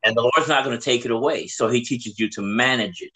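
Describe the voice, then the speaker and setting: A man's voice: mid-range voice, fast talker, bright, forceful tone, slightly rough, rough recording. A man hosting a podcast, telling stories and reflecting aloud in a casual conversation. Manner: reflective storyteller. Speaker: podcast host.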